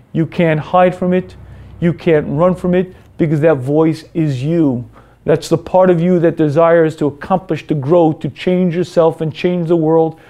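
A man teaching a moral lecture in an earnest, storytelling way, often clearing his throat. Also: on the high side, dark tone.

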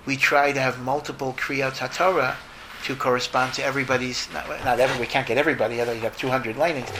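A man, a rabbi answering a question in an informal talk, thoughtful and lively, mixing in Hebrew and Yiddish terms. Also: medium pitch, quick pace, noisy background.

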